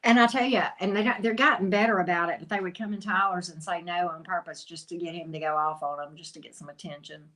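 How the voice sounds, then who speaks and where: A woman's voice: on the low side, steady tone, fast talker, hardly any pauses, fairly bright tone. A woman, a tarot reader chatting casually on a livestream, calling viewers honey and sweetie and greeting them by name. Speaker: tarot reader and channel host.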